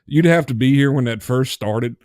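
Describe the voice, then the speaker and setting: A man's voice: mid-range voice, normal speed, darkish tone, no room sound, studio quality. A man co-hosting a podcast in casual chat. He laughs often, jokes, and swears freely. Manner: laughing, joking, profane. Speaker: podcast co-host.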